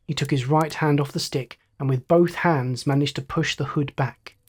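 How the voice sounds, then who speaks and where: A male storyteller reads a bedtime tale in a slow, measured and soothing way. His voice sits a little high for a man. He keeps an even, unhurried calm throughout. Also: husky.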